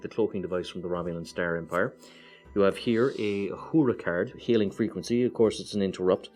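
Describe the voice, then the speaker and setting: An Irish man casually walking through a board game's cards one by one, relaxed and hesitant, with many fillers and chatty asides. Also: low-pitched. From Ireland. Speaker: board game reviewer. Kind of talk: casual card-by-card walkthrough.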